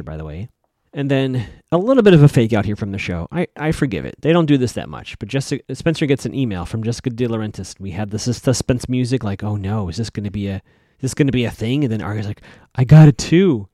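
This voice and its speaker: A man's voice: medium pitch, darkish tone, dry recording, studio quality. A man casually recapping a TV episode as a podcast host, chatty and rambling, often correcting himself.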